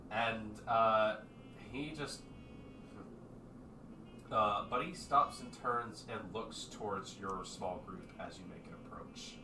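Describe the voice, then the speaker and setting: A man runs a tabletop game, describing scenes in a loose, casual way full of fillers. His voice sits a little low. It sounds distant and roomy, with steady noise behind it. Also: takes it slowly. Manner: casual, filler-heavy narration. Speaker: game master. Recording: echoey room, distant mic, background noise.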